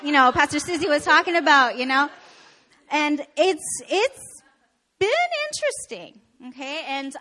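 Bright, high-voiced woman pastor from Canada. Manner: animated, laughing, self-deprecating. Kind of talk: sermon with personal stories.

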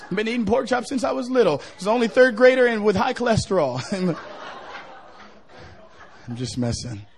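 A middle-aged male pastor preaching a revival sermon, joking with the crowd and building to shouts. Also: extremely high pitch, lively intonation, fast talker, creaky, slight background noise.

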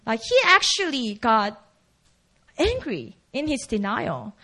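A woman's voice: sits high, sing-song, a little slow, bright, forceful tone. A woman preaching a sermon in a casual, conversational way, acting out the quoted lines.

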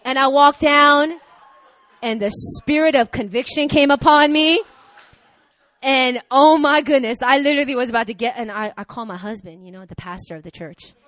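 A woman preaching a sermon who tells candid personal stories and acts out the dialogue with lively energy. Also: high voice, brisk, no echo, a faint crowd. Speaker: preacher, pastor's wife.

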